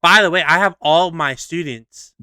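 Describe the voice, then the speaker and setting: A young man co-hosting a podcast, telling a story in a lively, casual way, swearing freely and acting out scenes. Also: fairly high pitch, normal speed, clear, resonant tone, dry recording. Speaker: podcast co-host.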